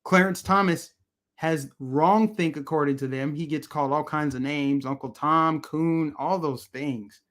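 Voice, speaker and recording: A man's voice: a little high, measured pace, fairly bright tone. Heated, emphatic man ranting on stream. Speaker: political commentary host. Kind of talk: live-streamed commentary rant, answering chat.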